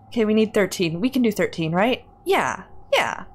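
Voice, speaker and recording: Woman streamer reading a story game out loud; nervous, giggly, breaks into whispers. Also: mid-range voice, moderate pace, hardly any pauses. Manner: excitable and nervous, laughing often, dips into whispers. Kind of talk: reading a text game aloud on a livestream.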